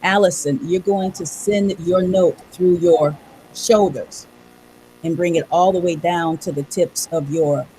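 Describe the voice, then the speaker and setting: A woman's voice: lowish voice, steady tone, a little slow, warm tone, a little hiss or hum, rough recording. A woman co-leading a voice workshop, directing participants by name as she guides them through a vocal exercise. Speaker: voice workshop co-leader.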